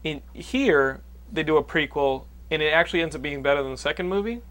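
A man's voice: on the high side, a little fast, fairly bright tone. A man hosting a podcast, recapping a movie plot in casual chat with many restarts. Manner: rambling, restarts a lot. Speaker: podcast host.

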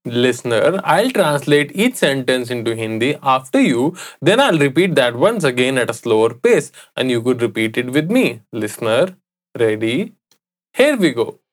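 Guy co-hosting a language lesson, average pitch, calm, says things slowly so you can repeat. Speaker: language teacher.

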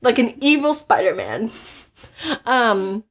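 A woman's voice: a little high, sing-song, slow pace. A woman co-hosting a podcast, telling stories in a rambling, giggly, casual chat. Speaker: podcast co-host.

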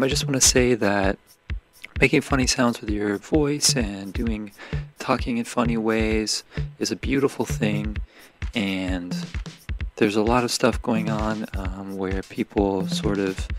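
A man hosting a podcast who talks in a rambling, excitable way and swears now and then. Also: on the low side. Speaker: podcast host. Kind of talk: casual monologue. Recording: music playing behind the voice. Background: music.

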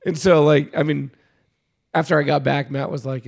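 A man casually telling a story about coaching youth baseball, animated and laughing often, getting loud when he reenacts yelling. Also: a little high, normal speed, creaky.

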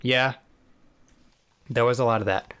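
A man's voice: medium pitch, fairly even intonation, measured pace, fairly bright tone, smooth. A man co-hosting a podcast, casually recapping a TV episode in a dry, sarcastic way with plenty of fillers and restarts. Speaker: podcast co-host.

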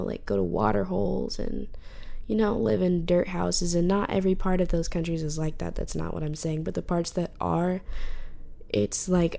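A woman's voice: fairly low pitch, vocal fry, dark tone. A young woman hosting a podcast, ranting casually in a frustrated tone, with lots of swearing and filler words. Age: young adult. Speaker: podcast host.

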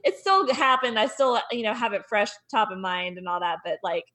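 A woman's voice: mid-range voice, lively intonation, normal speed, pushed and bright, poor audio. A young woman co-hosting a podcast in casual chat, bubbly and full of "like" fillers. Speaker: podcast co-host.

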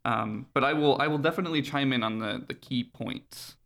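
A man's voice: mid-range voice, brisk, creaky, fairly bright tone. A man co-hosting a podcast, talking casually in a rambling way with frequent laughs. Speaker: podcast co-host. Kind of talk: casual chat.

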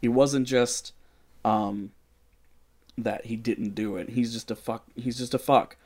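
A man co-hosting a podcast, reading a text aloud with wry, crude, deadpan commentary. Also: medium pitch, takes it slowly. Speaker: podcast co-host. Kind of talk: casual comedic reading and commentary.

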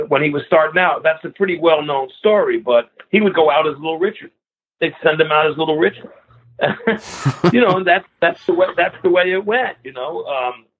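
A man in his sixties from the New York area, with a fairly high, husky voice. He tells lively anecdotes as an interview guest and acts out the voices of the people in them. The sound is thin and narrow, like a phone line. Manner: animated anecdotal storyteller who acts out other people's lines. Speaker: guest musician. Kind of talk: storytelling interview.

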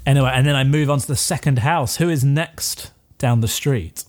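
A man's voice: mid-range voice, moderate pace. A man playing a tabletop role-play game, narrating his moves in a playful way. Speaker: player.

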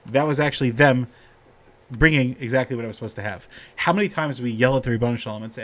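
A middle-aged man giving an informal Torah talk, telling stories and getting animated when he quotes the people in them. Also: mid-range voice, fast talker. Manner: storytelling, animated when quoting characters.

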